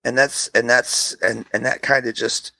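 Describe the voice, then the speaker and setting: A middle-aged man co-hosting a podcast, telling a story in a casual, animated way and acting out the people in it with a high squeaky voice. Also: moderate pace, creaky. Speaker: podcast co-host.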